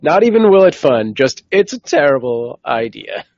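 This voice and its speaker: A man's voice: medium pitch, sing-song, moderate pace, gravelly, darkish tone, no echo, dull audio. A man hosting a podcast in casual, easygoing chat who keeps steering the conversation back on track. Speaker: podcast host.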